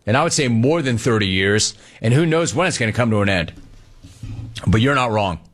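Reading listener messages on his sports talk show, this man talks casually at a fairly quick pace and launches into animated anecdotes, imitating whoever he's quoting. His voice is mid-pitched, right in the typical middle range.

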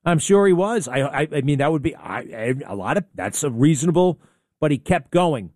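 A man hosting talk radio in a combative, sarcastic monologue, firing off rhetorical questions. His voice sits a little high and comes across dry and close to the mic. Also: animated, normal speed, darkish tone, no echo.

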